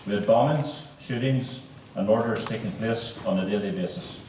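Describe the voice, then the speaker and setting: A man in his sixties with a Northern Irish accent, a bandmaster giving a measured, formal speech to an audience. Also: lowish voice, a little mellow, a little hiss or hum. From Northern Ireland. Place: large hall with live audience. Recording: echoey hall from far off.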